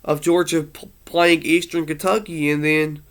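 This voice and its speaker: A man speaks in a loose, heartfelt monologue, circling back and restarting his sentences. He sounds a little emotional. His voice sits a bit high and comes through smooth and clear. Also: little pitch movement, measured pace, a bit bright. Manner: rambling, earnest, many fillers and restarts. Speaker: sports fan vlogger.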